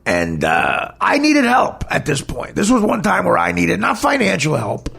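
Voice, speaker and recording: Gravelly, animated man telling a story. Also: high-pitched, moderate pace. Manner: blunt, emphatic, heated. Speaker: comedian hosting a podcast. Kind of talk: candid personal storytelling.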